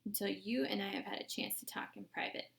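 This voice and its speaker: A woman voicing a brash female defense lawyer who makes sharp, threatening legal demands. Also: mid-range voice, fairly even intonation, fairly quick, gravelly. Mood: forceful.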